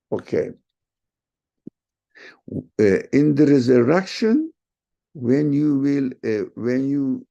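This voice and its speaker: Slow, gravelly man teaching a religious text. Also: mid-range voice, mellow. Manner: slow, halting, with many restarts and fillers. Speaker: study circle teacher.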